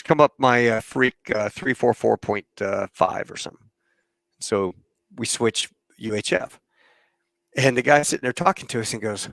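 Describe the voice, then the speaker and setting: A man's voice: mid-range voice, moderate pace, pauses often, no echo. A man hosting a casual podcast, telling old flying stories and acting out radio calls and cockpit talk. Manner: animated anecdote telling with acted-out radio calls. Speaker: podcast host and former Marine pilot. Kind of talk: casual storytelling chat.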